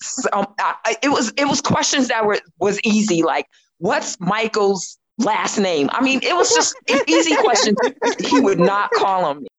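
A woman in her fifties, a podcast guest telling a long story in casual chat, animated and laughing often as she acts out what she said. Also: fairly high pitch, normal speed, few pauses, rough recording.

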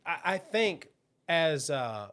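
A man's voice: fairly high pitch, big pitch swings, takes it slowly, sharp tone, clean tone. Jokey man chatting on a podcast. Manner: jokey storyteller, chuckles often. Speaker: podcast co-host. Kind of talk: casual chat.

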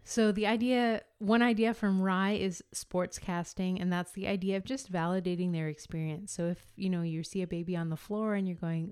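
Low, smooth-voiced woman podcast host. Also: moderate pace. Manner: explanatory, compares ideas calmly with frequent fillers. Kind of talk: solo podcast monologue.

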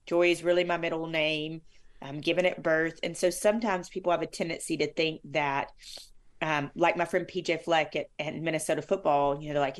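A woman's voice: low voice, steady tone, a little fast. Bubbly, effusive middle-aged woman. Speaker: guest, former sportscaster. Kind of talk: conversational interview.

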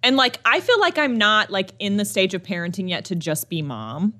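A young woman talks on a podcast with a bright, clear voice. She tells stories in an animated way, full of laughter and little asides. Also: mid-range voice, normal speed. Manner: animated storytelling with lots of laughing and "like". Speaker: podcast co-host. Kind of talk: casual chat.

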